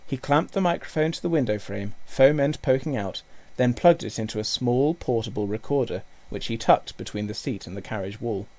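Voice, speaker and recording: A male teacher reading a children's book aloud with expressive storytelling. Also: mid-range voice, fairly quick. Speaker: primary school teacher.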